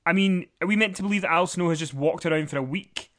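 His voice is a little high and a bit bright, and he talks fast. He's a co-host of a casual podcast recapping wrestling, full of rambling, jokes and fillers.

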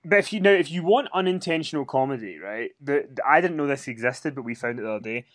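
A man co-hosting a podcast, animated and prompting his partner with questions. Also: medium pitch, fast talker, no room sound, clean studio sound. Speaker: podcast co-host. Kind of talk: casual chat.

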